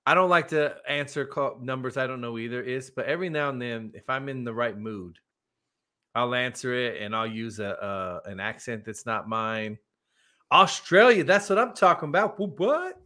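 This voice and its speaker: A man's voice: mid-range voice, fairly even intonation, normal speed, bright, forceful tone, smooth. A man co-hosting a podcast in a casual chat, joking and laughing often. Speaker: podcast co-host.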